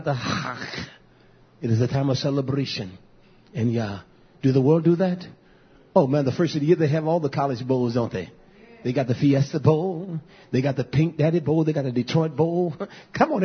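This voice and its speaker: An older man preaching an informal sermon, folksy and repetitive, slipping into animated storytelling. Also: fairly high pitch, slightly rough, lo-fi sound.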